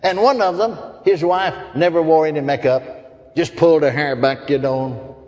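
A man's voice: a little high, moderate pace, a little mellow. A man preaching a sermon, telling folksy stories, chuckling often and asking the crowd for amens. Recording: long hall reverb.

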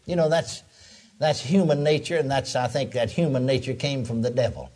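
An older man preaching a sermon, telling a story and acting out the voices in it, with a husky voice. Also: medium pitch, normal speed. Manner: animated, acts out quotes, drops to soft tones, chuckles often.

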